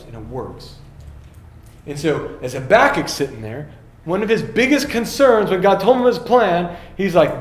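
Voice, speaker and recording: A man's voice: a little high, roomy sound, slight background noise. A man in his thirties giving a casual, story-filled sermon as a pastor and acting out the quotes.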